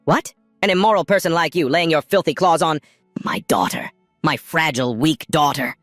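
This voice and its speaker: A man playing a towering noble father who shouts with menacing fury and raises his voice high when provoked. His voice is close and dry, with faint music playing behind. He is a storybook figure, overprotective and quick to explode. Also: expressive, no echo, lightly acted. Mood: furious.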